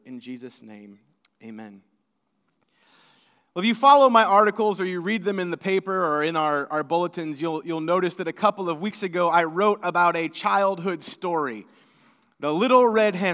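Pastor guy preaching, chatty and folksy, trips over words a bit, bright tense voice in a big echoey church. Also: sits high. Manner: folksy, conversational, repeats words. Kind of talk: sermon with prayer and storytelling.

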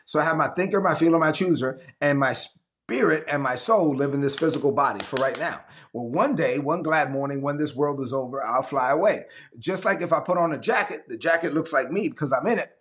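A male pastor with a fairly high voice preaches to an online congregation. He declares statements and has his listeners repeat them back. His delivery is earnest and emphatic. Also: fairly quick, fairly bright tone. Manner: declaring, call-and-response preaching. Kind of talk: livestreamed sermon.

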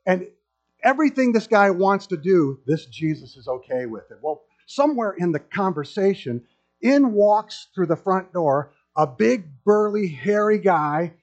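A middle-aged man preaching a sermon to a congregation, telling stories with humor. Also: a little high. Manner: storytelling with humor, animated. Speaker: pastor. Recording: dull lo-fi sound.

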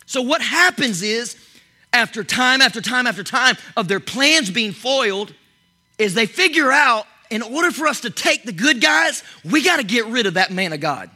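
Preaching with great animation, a male pastor's high, very bright voice moves from loud exclamations down to hushed whispers. Quick restarts and repeated words creep in as the sermon gains steam.

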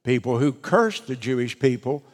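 A man preaching a sermon to his congregation, speaking deliberately with emphatic pauses. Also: mid-range voice, animated. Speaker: pastor. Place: church sanctuary. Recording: long reverb of a church hall.

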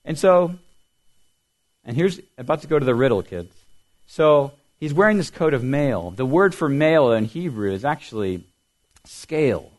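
A middle-aged man pastor preaching a sermon, explaining things clearly and quizzing the children with riddles. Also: medium pitch, animated, a little slow, darkish tone.

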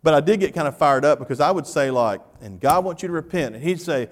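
A man preaching a sermon as pastor, animated, swinging from loud to hushed and repeating his phrases. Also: fairly high pitch, fast, hardly any pauses. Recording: reverberant church hall.

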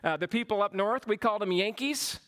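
A man's voice: high voice, fairly quick, fairly bright tone. A middle-aged man with a Southern US accent from Georgia, preaching a sermon in a folksy, humorous storytelling manner. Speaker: pastor.

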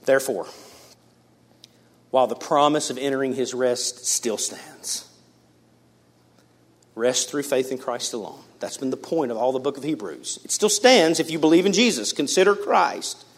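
A male pastor preaching a sermon in a casual, animated way, with big swings between loud high emphasis and low quiet asides. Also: moderate pace, long pauses. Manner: addresses the congregation casually as guys.

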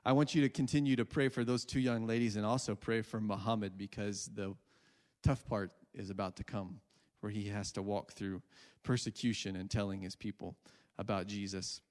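A man's voice: fairly low pitch, steady tone, moderate pace. A man preaching a sermon, earnestly retelling a story with quoted dialogue. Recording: long hall reverb.

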